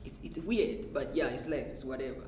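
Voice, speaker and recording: A man of mid pitch jokes in an offbeat way during a casual group chat, stopping and restarting his sentences. His voice echoes in the room. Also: expressive, a little mellow, slight background noise. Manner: halting, offbeat humor. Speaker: podcast guest.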